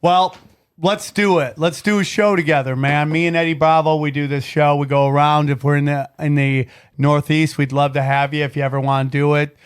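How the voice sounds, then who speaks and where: A man's voice: on the high side, fairly quick, clean tone. A man hosting a podcast in casual chat, ranting with a lot of swearing. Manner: profane, animated rants. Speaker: podcast host.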